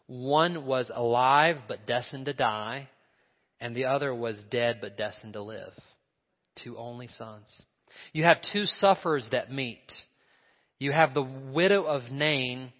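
A male pastor preaching a sermon in a church, earnest, repeating key phrases and dropping to a soft hush. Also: medium pitch, a little slow. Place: church sanctuary. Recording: dull sound in a long-echo hall.

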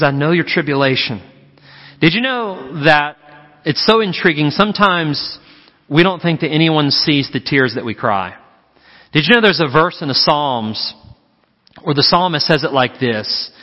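A man preaching a sermon as pastor, slowing down to stress key phrases. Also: fairly high pitch. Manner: preaching with slow, emphatic pauses on key phrases. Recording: muffled with long hall reverb.

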